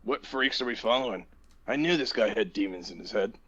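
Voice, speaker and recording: A man's voice: lowish voice, expressive, brisk, a bit bright, breathy edge. A man playing in a tabletop game, talking hesitantly and repeating words while he plans. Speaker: player. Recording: dull lo-fi voice chat audio.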